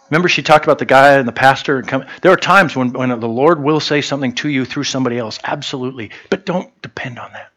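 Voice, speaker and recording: A man's voice: medium pitch, a bit bright, breathy edge, lo-fi sound. A man preaching a sermon to a small church in a conversational way, often stopping to restart and quoting short lines. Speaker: pastor.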